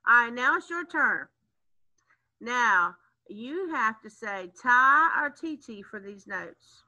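A woman teaching a children's music lesson, chanting rhythm syllables in a slow sing-song way. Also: fairly high pitch, animated, pushed and bright, dull audio.

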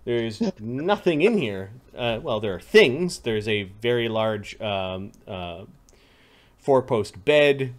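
A man running a tabletop game as game master, describing rooms and clues in an unhurried way and chuckling between details. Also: mid-range voice, expressive.

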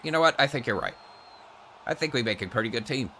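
A man giving comedic gameplay commentary, trash-talking with profanity and excited outbursts. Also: medium pitch, fast. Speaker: gaming YouTuber.

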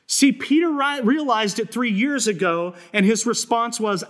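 Guy pastor preaching, fairly high voice, chatty storytelling, earnest. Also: animated, moderate pace, fairly bright tone. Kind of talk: sermon.

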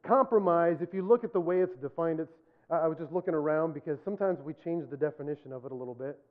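High-voiced pastor preaching, tinny sound. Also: male voice, quick pace. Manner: earnest, repetitive emphasis, self-deprecating humor. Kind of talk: sermon.

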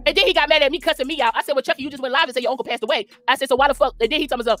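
A woman telling a story fast and angrily, swearing freely as she recounts events in casual chat. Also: sits high, lively intonation, no room sound, faint music behind. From Philadelphia. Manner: profane, rapid, indignant. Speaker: guest.

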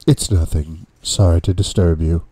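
A man's voice: low-pitched, steady tone, normal speed, mellow, breathy edge, no echo. A man voicing a polite, uncertain middle-aged female housekeeper, speaking hesitantly and deferentially in an audiobook reading. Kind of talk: audiobook character voice.

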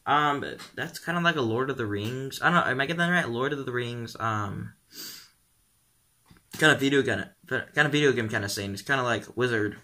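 A teenage boy chatting casually on his vlog, rambling along with lots of ums and likes. His voice sits at a middle pitch and sounds very bright. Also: a little fast. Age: teens. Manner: rambling, full of "um" and "like". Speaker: vlogger.

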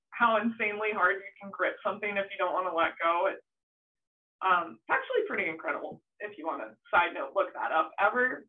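Young woman guest, surf photographer, chatty and animated, laughs a lot, sounds thin and phone-like, a bit off mic. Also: mid-range voice, distant mic. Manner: animated storytelling, acts out her own past shouts, laughs often. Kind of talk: casual interview chat. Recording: tinny phone-like line, off-mic.

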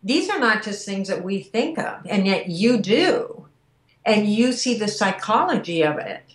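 Slow-speaking woman host, echoey. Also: medium pitch, sing-song. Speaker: interview host. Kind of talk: casual interview. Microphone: video call.

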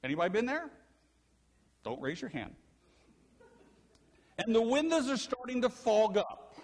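In a church sanctuary with long hall reverb, an older male pastor preaches a sermon in an extremely high-pitched voice, unhurried. He's an animated storyteller who tells stories and puts questions to the congregation.

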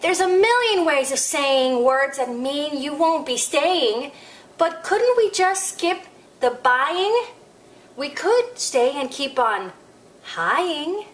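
A woman hosting a children's story time, reading a picture book aloud in an expressive, sing-song way with playful asides. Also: high-pitched, slow.

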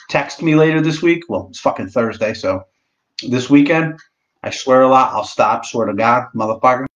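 A young man chats loosely on a live stream, cracking profane, self-mocking jokes while he eats. His voice sits at an ordinary middle pitch. The laptop audio sounds dull and lo-fi. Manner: talking while eating. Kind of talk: casual live-stream chat. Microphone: laptop mic.

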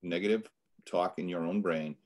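A middle-aged man with a Boston accent speaks as a guest on a podcast. His voice is very low, and he talks earnestly and motivationally, often restarting his sentences. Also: normal speed, darkish tone. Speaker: financial coach guest. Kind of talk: casual podcast interview.

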